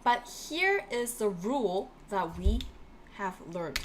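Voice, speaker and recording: A woman's voice: medium pitch, very animated, slow, a little hiss or hum. A woman teaching a Korean class on a live stream, encouraging her students and repeating key words so they sink in. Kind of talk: live-streamed online lesson.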